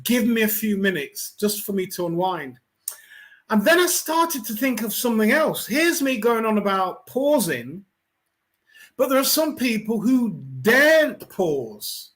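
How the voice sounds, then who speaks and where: A middle-aged man from England gives a reflective talk to his online viewers. His voice sits a little higher than most men's. He speaks in an unhurried, conversational way, full of fillers and restarts. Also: fairly bright tone. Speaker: host of a weekly online talk. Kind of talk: reflective pastoral talk to camera.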